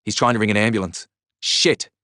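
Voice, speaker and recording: A man reading a novel aloud, voicing a frantic young man who shouts in panic at a car crash. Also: fairly low pitch, fairly even intonation, brisk, no echo, clean studio sound. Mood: panicked shouting.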